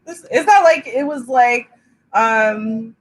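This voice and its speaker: Husky-voiced woman musing aloud. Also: a little high, slow pace, rough recording. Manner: chatty, reasoning aloud, laughs often. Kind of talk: casual reaction commentary.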